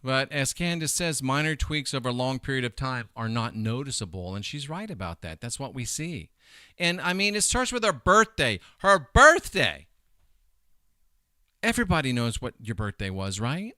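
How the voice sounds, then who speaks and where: A middle-aged man hosting a casual commentary show, talking in an animated, emphatic way and wandering off into side points. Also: medium pitch, fairly quick, smooth, no room sound, clean studio sound. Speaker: host.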